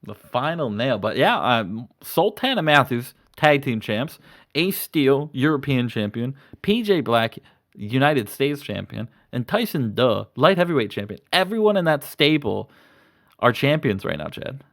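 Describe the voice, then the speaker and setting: A young man with a mid-range, sing-song voice speaks unhurriedly as host, casually recapping a wrestling booking game. He rambles, swears freely, and retells the storylines.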